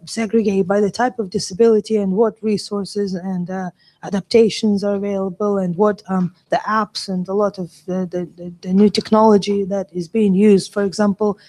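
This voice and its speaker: A woman moderating a conference panel in a brisk, organized way, calling on speakers. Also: medium pitch, warm tone.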